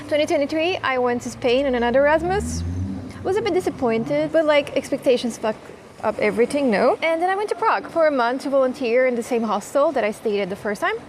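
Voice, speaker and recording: A woman's voice: high-pitched, noisy background. A young woman from Croatia talking casually to camera in a vlog, chatty and self-deprecating, at times emotional. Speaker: vlogger. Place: outdoors in a hot town.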